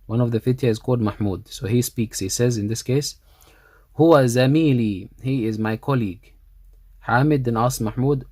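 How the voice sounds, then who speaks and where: A man's voice: medium pitch, a little mellow, no echo. Methodical male Arabic teacher, dry sound. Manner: reads Arabic lines slowly, repeats them, then translates. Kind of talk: explaining a textbook dialogue.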